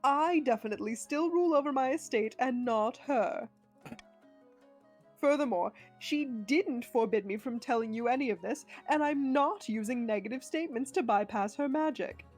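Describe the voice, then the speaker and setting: A woman's voice: high voice, moderate pace, darkish tone, faint music behind. A woman voicing a haughty noble patrician under a witch's curse, improvising during a game stream with prim, snooty denials in a mock-posh voice. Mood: pointedly denying.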